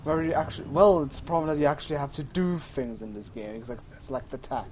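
A man's voice: fairly high pitch, animated, quick pace, darkish tone, slight background noise. A man streaming a game, chatting casually, rambling and often correcting himself. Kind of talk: casual gaming livestream chat.

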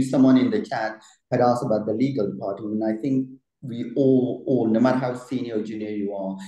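A man with a low, mellow voice talks over a video call from an echoey room. He speaks haltingly and repeats words while he gathers his thoughts. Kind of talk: webinar discussion.

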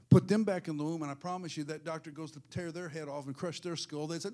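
A male pastor preaching a sermon in church, swinging from hushed asides to shouted, sing-song peaks. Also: fairly high pitch, fairly even intonation, fast talker, hardly any pauses.

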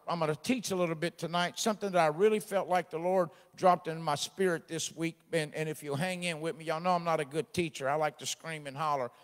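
A man preaching a midweek sermon, folksy and joking, swelling into loud exhortation. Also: fairly high pitch, in a large hall. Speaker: pastor. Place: church sanctuary.

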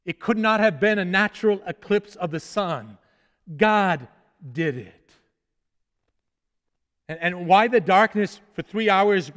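Male pastor with a high voice, earnest sermon delivery, stammered restarts, long hall reverb. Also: fairly bright tone. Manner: earnest preaching with repeated restarts and falling, solemn phrase endings.

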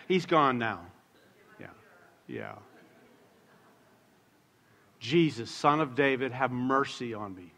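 A middle-aged male pastor preaching a sermon in a church, conversational and joking at times, slowing down to stress key words. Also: on the high side, sharp tone. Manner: conversational, jokes with the congregation, slows down to stress words. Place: church sanctuary. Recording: long church hall reverb.

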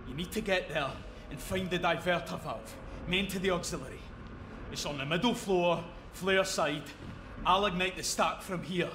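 A man voicing a steady rig supervisor. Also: sits high, moderate pace, reverberant, background noise, lightly acted. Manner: instructive, steady. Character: calm male rig supervisor giving orders. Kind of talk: video game voice acting.

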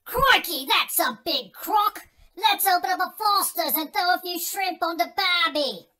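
A man's voice: very high-pitched, big pitch swings, normal speed, bright, forceful tone, heavily acted. A man playing a stoned party guest who mangles fake accents in a comedy sketch. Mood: silly.

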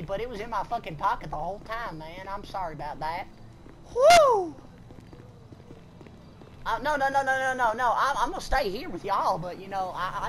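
A woman gamer talking loud, goofy and profane in online party chat, drawling "y'all" and "feller". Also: mid-range voice, background noise. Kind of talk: rowdy party chat while gaming.

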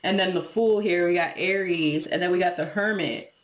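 A woman's voice: lowish voice, moderate pace, echoey room. A woman giving a casual tarot reading to her viewers, talking frankly, swearing freely and laughing as she acts out what people say. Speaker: tarot reader.

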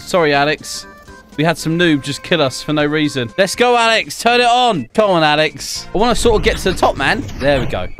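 A young man giving jokey, excitable commentary over his own gameplay, laughing often. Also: fairly high pitch. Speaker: gaming YouTuber.

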